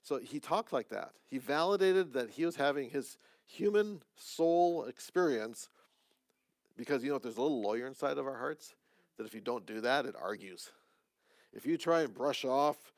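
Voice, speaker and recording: A man teaching a conversational sermon as pastor in a church, with joking asides and quick restarts. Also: medium pitch, lively intonation, no echo.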